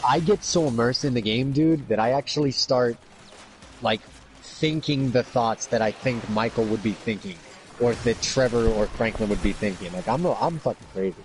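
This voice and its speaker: A man's voice: medium pitch, normal speed, noisy background. A man hosting a podcast in casual chat, rambling with constant fillers and swearing. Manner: rambling, profane, heavy "like" filler. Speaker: podcast host.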